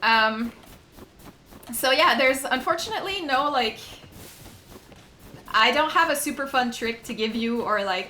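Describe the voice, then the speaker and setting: Giggly woman, slow and bright. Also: on the high side, expressive, a little hiss or hum. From Quebec, Canada. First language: French. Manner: giggly, apologetic, chatty. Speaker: streamer. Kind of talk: casual chat with stream viewers while gaming.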